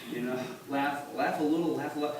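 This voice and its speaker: A man giving a halting, earnest personal testimony at church, recorded on a phone from the congregation. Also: a little high, fairly even intonation, darkish tone. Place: church sanctuary. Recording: echoey church on a distant phone, noisy.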